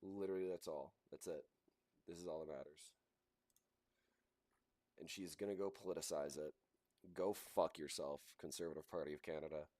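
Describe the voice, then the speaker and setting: A man's voice: a bass voice, steady tone, moderate pace, pauses often, warm tone, no room sound. A man hosting a livestream, reacting to posts with indignant commentary. He repeats himself and laughs scornfully. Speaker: livestream host.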